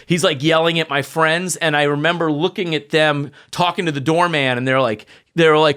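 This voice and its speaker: A man, telling lively stories as a podcast guest and acting out what people said. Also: fairly high pitch, a little fast, few pauses, smooth. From New York. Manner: animated storyteller acting out quotes, many fillers. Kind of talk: casual storytelling chat.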